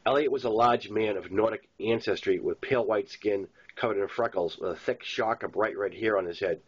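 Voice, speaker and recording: A man narrating his own novel in first person, steady and plain. His voice is fairly low, and the recording sounds slightly dull and muffled. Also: fairly quick, slightly rough.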